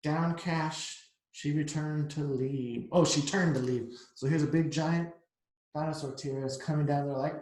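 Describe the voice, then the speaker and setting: A man's voice: on the high side, fairly even intonation, unhurried, a little mellow. Chatty man reading a picture book aloud. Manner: chatty, explains the pictures to kids. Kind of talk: read-aloud storytime. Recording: echoey room.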